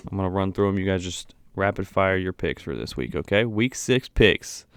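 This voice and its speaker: A man co-hosting a casual sports podcast, relaxed and running the segment. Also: low voice, normal speed, clean tone, dry recording, clean studio sound. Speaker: podcast co-host.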